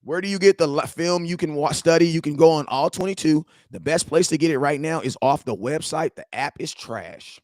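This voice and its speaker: Talking a little fast and hardly pausing, a young man with a higher, darkish voice hosts a live sports talk stream, recorded dry. He rants heatedly in slang, repeats himself, and speaks straight to the viewers.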